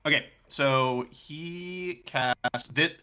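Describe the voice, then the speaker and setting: Slow, bright-toned male game master. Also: on the high side, clear, resonant tone. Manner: laughs often, loose with fillers. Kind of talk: narrating a tabletop game.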